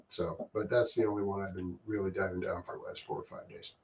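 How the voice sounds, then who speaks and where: A man's voice: deep voice, flat delivery, fast talker, slight background noise. A man co-hosting a podcast in casual chat, laid-back and plain-spoken. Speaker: podcast co-host. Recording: distant from the mic.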